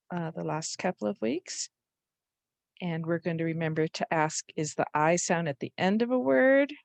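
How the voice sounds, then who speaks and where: A woman's voice: mid-range voice, vocal fry, dry recording. A woman teaching a spelling lesson to young children, patiently sounding out letters and words.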